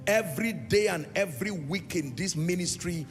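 A man preaches with a high, lively, gravelly voice that swoops up and down. He hammers home his points with repetition and drifts into sung phrases. The sound rings in a large hall with faint music behind. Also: normal speed. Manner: emphatic preaching with repeated phrases and sung lines. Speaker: pastor. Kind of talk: sermon.

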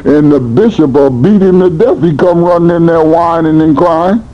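A man preaching a sermon in a blunt, colloquial manner, swinging between high and low in animated bursts. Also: moderate pace, highs cut off. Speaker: pastor.

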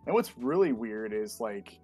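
A man co-hosting a casual podcast chat, an excitable fanboy who leans on fillers. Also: mid-range voice, measured pace, husky, faint music behind. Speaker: podcast co-host. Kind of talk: casual chat reviewing a show.

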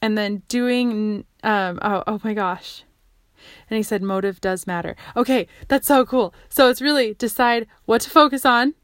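A woman talking casually in her own vlog, rambling and excitable, often breaking off mid-sentence and restarting. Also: a little high, unhurried, no room sound, studio quality. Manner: rambling and excitable, many fillers, self-interrupting. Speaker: vlogger sharing what she learns. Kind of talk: casual self-recorded monologue.

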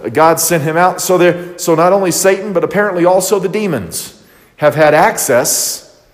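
A man leads a Bible study, reading verses and then explaining them in a relaxed way full of restarts and fillers. His voice sits a little high for a man. The sound carries a long reverb from a church hall. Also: normal speed. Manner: conversational, many fillers and restarts. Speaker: Bible teacher.

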